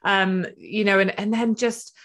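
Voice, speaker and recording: A woman's voice: medium pitch, fairly even intonation, a little slow, fairly bright tone. A woman hosting a podcast interview, talking in a chatty way with many restarts and murmured agreement. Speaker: podcast host. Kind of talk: casual interview chat.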